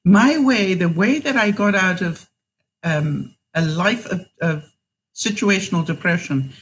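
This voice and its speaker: A woman's voice: on the low side, expressive, unhurried, rough recording. A woman hosting a casual livestream, chatting in a rambling way, laughing often and reading out viewer comments.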